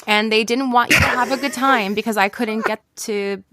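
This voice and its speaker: A woman's voice: on the high side, steady tone, normal speed, noisy background. A woman co-hosting a casual podcast, speaking in a wry, teasing way with filler words. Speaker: podcast co-host.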